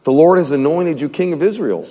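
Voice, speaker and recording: A man's voice: on the high side, brisk, mellow, lightly acted. A man voicing a stern elderly prophet who confronts a king with grave, demanding questions. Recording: long reverb in a hall.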